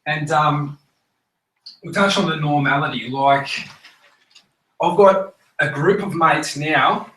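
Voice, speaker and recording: A man's voice: on the high side, slow, pauses often, a bit bright. An Australian man giving a casual motivational talk to a group, blunt and full of swearing. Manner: blunt, swears a lot, acts out others' voices. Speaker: speaker at a business group meeting. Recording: echoey room, mic at a distance, faint noise.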